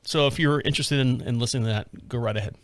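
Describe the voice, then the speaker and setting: An American man hosting a podcast, telling a rambling, animated story with frequent restarts and casual swearing. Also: mid-range voice, fast talker, a little hiss or hum. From United States. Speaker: podcast host.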